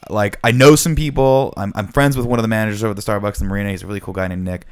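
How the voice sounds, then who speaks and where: Man, podcast co-host, low voice, wry, mock-dramatic humor. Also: fairly even intonation, racing, clear, resonant tone. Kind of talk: casual chat.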